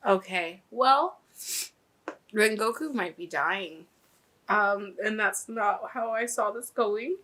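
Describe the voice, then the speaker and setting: A woman's voice: mid-range voice, slow pace, bright, forceful tone, a little hiss or hum. A woman hosting a reaction video, talking emotionally in a casual way, often breaking off mid-sentence with nervous laughs. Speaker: reaction channel host.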